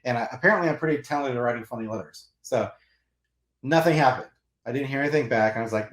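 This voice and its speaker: A man hosting a comics channel, telling a long story in a casual, animated and rambling way with restarts and laughs. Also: mid-range voice, fast. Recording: roomy echo.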